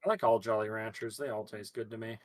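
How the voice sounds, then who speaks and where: A man chatting casually as a guest on a voice call, joking in a relaxed way. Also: fairly low pitch, fast. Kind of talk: casual chat.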